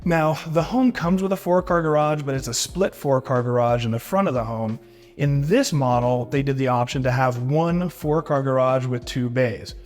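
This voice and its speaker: A man touring a house as a real estate agent speaks at normal speed in a mid-range, darkish voice, with faint music behind him. Moving room to room for his walkthrough vlog, he stays upbeat, praising every feature and leaning on "really neat" and "beautiful."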